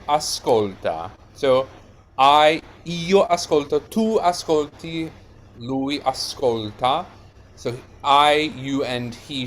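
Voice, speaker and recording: A man's voice: mid-range voice, slight background noise. A man teaching Italian diction in an online lesson, explaining step by step and checking in with "yeah?" and "right?".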